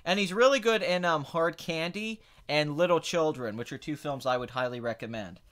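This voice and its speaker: Opinionated man with a higher voice. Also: moderate pace. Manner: blunt, opinionated, sarcastic, swings between flat and excited. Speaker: podcast host answering chat questions. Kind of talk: casual movie talk.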